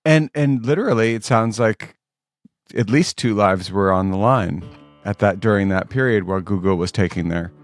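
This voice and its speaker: A male podcast host with a low voice reacts to his guest's story. He sounds concerned and trips over his words a little. Faint music sits under him. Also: moderate pace. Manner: reacting with concern, stumbling restarts. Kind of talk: interview podcast.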